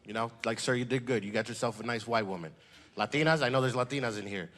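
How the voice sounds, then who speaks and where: A man's voice: medium pitch, quick pace, a bit bright. A man doing a stand-up comedy set, brash and profane, teasing the crowd.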